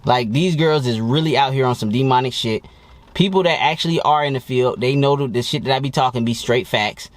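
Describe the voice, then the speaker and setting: A dating coach talking to camera in a blunt, profane and boastful way, in a casual monologue. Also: male voice, mid-range voice, brisk, no echo.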